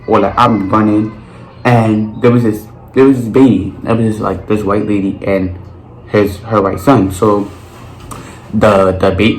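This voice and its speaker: A young man tells a story to camera in an animated, profane way, full of slang. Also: fairly low pitch. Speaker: vlogger. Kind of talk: storytime monologue. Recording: roomy with faint noise.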